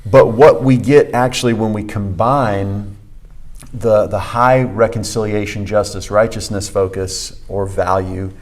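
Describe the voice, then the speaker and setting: Emphatic low-voiced man teaching scripture. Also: steady tone, a little slow, darkish tone. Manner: emphatic, repeats key phrases, frequent fillers. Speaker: pastor and podcast co-host. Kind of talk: conversational teaching on a podcast.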